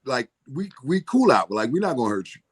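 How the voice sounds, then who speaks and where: Animated man telling a story. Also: mid-range voice, fairly quick, husky. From Philadelphia, USA. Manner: animated storyteller, acts out voices, laughs often. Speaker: comedian guest. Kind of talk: casual storytelling interview.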